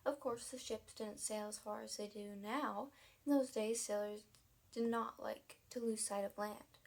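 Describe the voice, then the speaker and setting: A woman's voice: mid-range voice, steady tone, unhurried, gravelly, poor audio. A woman narrating a children's storybook in a casual reading style with occasional restarts and asides. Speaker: audiobook reader.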